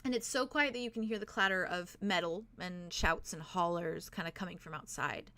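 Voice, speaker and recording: A woman's voice: on the low side, normal speed, sharp tone. Young woman narrating as game master. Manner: descriptive, with frequent "like" and "um".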